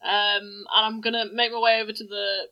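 A woman's voice: mid-range voice, level tone, brisk, lo-fi sound. A woman playing a tabletop game, giggly and hesitant, chatting casually. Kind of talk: casual play talk.

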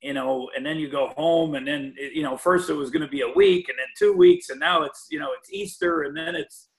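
A man's voice: a little high, animated, brisk, creaky. An older man, a college basketball head coach, talking in a rambling podcast interview with lots of restarts and fillers. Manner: rambling, many restarts and "you know" fillers. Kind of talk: podcast interview over a call.

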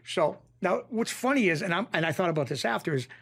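A man from Springfield, Massachusetts, guesting on a talk show. His voice sits slightly high for a man. He tells his story in a loose, animated ramble, stopping and restarting as he acts out what others said. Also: fast, gravelly, slightly rough. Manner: rambling, animated, full of restarts and acted-out lines. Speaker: guest, former mob associate. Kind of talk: casual storytelling.

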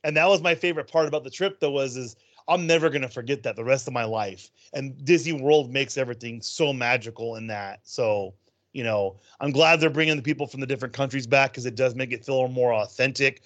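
A man's voice: medium pitch, brisk, a bit bright, muffled recording. A man co-hosting a casual chat about theme park news, rambling through stories with plenty of ums. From California. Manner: rambling storyteller, many ums. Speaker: podcast co-host.

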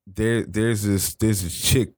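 A man with a fairly low voice talks slowly as he co-hosts a podcast. In casual conversation he tells animated stories, full of cursing and laughter.

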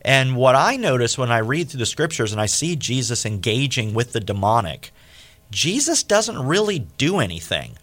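A man hosting a faith radio interview, telling a story with lively acted-out quotes. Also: moderate pace. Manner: animated, acts out quoted speech with big pitch jumps. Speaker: radio show host.

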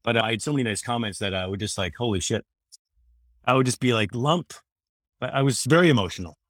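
A man's voice: mid-range voice, fast talker, no echo. Earnest guy in his 30s, rambly, keeps restarting, dry close mic. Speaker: guest, former radio host. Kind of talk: casual conversation.

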